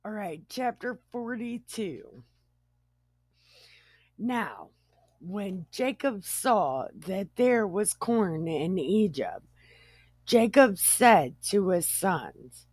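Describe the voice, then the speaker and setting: Slow-talking woman retelling Bible stories. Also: mid-range voice, very animated, darkish tone, husky, no echo. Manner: profane, joking, laughs often. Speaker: host, Bible storyteller. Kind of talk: irreverent casual Bible retelling.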